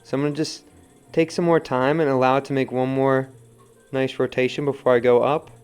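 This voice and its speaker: A young man casually teaching wheel throwing, coaching in a relaxed way and often checking in with "right?". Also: medium pitch, fairly quick, clean tone, soft background music. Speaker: pottery teacher.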